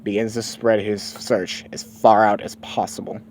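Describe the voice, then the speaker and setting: A man's voice: lowish voice, flat delivery, a little slow, darkish tone, slight background noise. A man casually improvising a story, rambling and swearing freely. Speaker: streamer.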